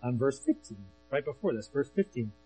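A man with an expressive, dark, medium-pitched voice preaches fairly quickly, reading scripture aloud between comments in a conversational way. He often checks in by asking the audience "right?", and the low-quality recording carries a faint mains hum.

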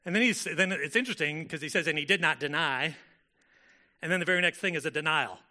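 A man delivers a sermon in a loose, conversational way, often pausing with filler words and restarting his sentences. His voice sits a little high for a man and sounds very bright and cutting. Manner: conversational, frequent "like" fillers, self-correcting. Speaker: pastor.

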